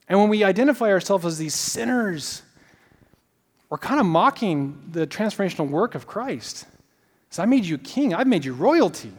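A man's voice: high-pitched, moderate pace. A man preaching a sermon, telling stories animatedly with lots of casual fillers. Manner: animated storytelling with many fillers. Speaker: pastor. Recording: long reverb of a large hall.

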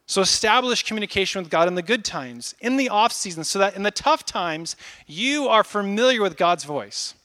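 A man in his thirties preaching a casual, animated sermon, acting out little asides as he goes. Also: high-pitched, normal speed. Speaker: pastor.

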